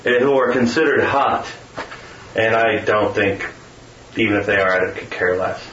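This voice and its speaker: A man's voice: lowish voice, normal speed, a bit bright. Sarcastic rambling man in a roomy room. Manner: sarcastic, rambling, mimics voices in quotes. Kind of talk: casual chat. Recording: roomy, distant, muffled with faint noise.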